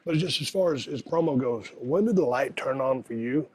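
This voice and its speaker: A man's voice: medium pitch, expressive, normal speed, breathy edge, dry recording. A man hosting a casual interview who asks questions in a blunt, folksy, profane way. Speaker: podcast host.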